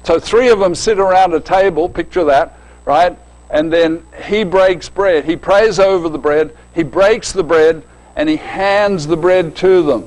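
Folksy, joking older preacher. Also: male voice, high voice, a little slow, a little mellow, low-quality recording. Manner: folksy, joking, often asks "right?". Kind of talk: sermon.

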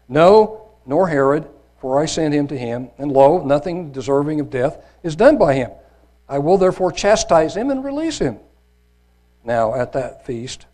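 A man's voice: mid-range voice, darkish tone. A middle-aged man who teaches the Bible, reading scripture aloud in an earnest way and then commenting with many fillers and restarts.

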